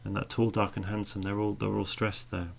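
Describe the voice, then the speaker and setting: A man's voice: fairly low pitch, level tone, a little fast, vocal fry. A man teaching a recorded poetry lesson, patiently explaining meter and beating out the stresses aloud.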